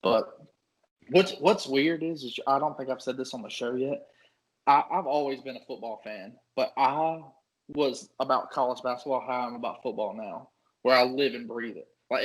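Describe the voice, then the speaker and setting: A young man riffing on sports with a friend, voice of medium pitch. He talks in an excitable, loose way, laughing often and cursing casually. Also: moderate pace, poor audio. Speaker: podcast co-host.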